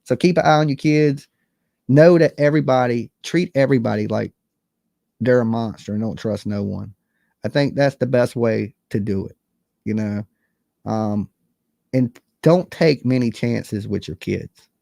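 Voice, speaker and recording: A man in his forties with a drawl hosts a casual true crime livestream, talking bluntly and swearing freely. His voice sits at an ordinary middle pitch. The sound is close and dry. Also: unhurried, gravelly, dark tone, no echo. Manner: blunt, profane, conversational, reads chat comments aloud. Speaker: true crime channel host.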